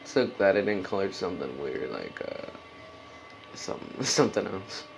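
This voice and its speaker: A man's voice: deep voice, sing-song, normal speed, vocal fry, noisy background. A man hosting a casual solo podcast, rambling and swearing, with lots of "like" and "dude". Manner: rambling, profane, heavy on "like" and "dude". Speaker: podcast host.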